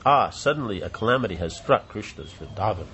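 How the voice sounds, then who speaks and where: A man reading the lines of a lovesick young woman, exclaiming and lamenting in his own lowish voice. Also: lively intonation, fairly quick, fairly bright tone, a little hiss or hum.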